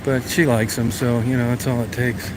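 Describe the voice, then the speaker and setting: A middle-aged man talking casually outdoors next to his old van, in a plain, folksy way with some mild cursing. His voice sits at an ordinary middle pitch. Engine and outdoor noise run clearly behind him. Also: flat delivery, normal speed. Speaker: vlogger. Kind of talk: casual chat. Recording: noisy outdoor recording with engine sounds. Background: vehicle and engine noise.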